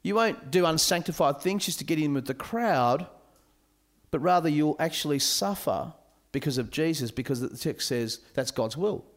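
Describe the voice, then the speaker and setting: Casting: male camp speaker, bright voice, swooping delivery, joking sermon to youths. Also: fairly high pitch, moderate pace. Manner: animated, joking with a youth audience.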